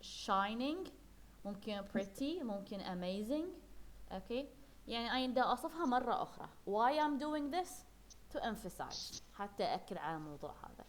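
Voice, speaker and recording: A quick-speaking woman runs a classroom English lesson, switching freely between English and Arabic. She explains each word patiently, repeats it, and keeps checking that her students follow. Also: on the high side, sing-song. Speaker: English teacher.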